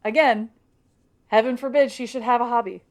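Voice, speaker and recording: A woman co-hosting a casual podcast, retelling a book's plot and slipping into quick quoted voices. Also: a little high, fairly even intonation. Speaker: podcast co-host. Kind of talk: casual book recap chat.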